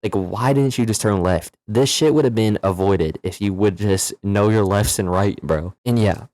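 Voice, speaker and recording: A man telling a story in a casual, animated, slangy way, swearing freely. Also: on the low side, moderate pace, no room sound. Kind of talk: casual story-time vlog.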